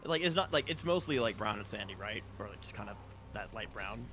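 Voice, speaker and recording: A man chatting casually with friends while streaming a game, joking and boasting in a rapid, self-assured way. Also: fairly low pitch, animated, bright, forceful tone, a little hiss or hum. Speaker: streamer playing online. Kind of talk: casual gaming chat. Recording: game music behind the voice.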